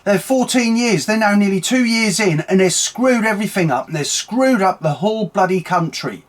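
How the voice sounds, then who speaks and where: A man's voice: high voice, lively intonation, moderate pace. A man hosting an angry, sweary political rant, mocking and heated. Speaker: online commentary host.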